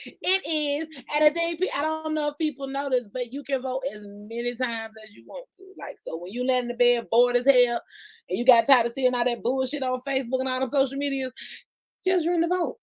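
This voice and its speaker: A woman hosting her live-streamed podcast in a casual, chatty way, laughing often and swinging from loud bursts down to soft asides. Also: high-pitched, a little fast. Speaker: podcast host.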